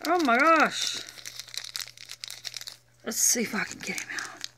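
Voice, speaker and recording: A woman's voice: a little high, expressive, slow pace, long pauses. Lady rambling through a toy unboxing, takes her time, noisy recording with wrappers crinkling. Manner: rambling, chatty, thinks aloud. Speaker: toy reviewer. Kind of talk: casual unboxing chat.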